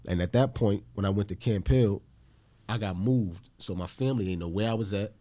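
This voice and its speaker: Low mellow-voiced man telling a story. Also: fairly quick. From Newark, New Jersey. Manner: blunt, profane, acts out quoted voices. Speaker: podcast guest. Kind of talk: casual storytelling.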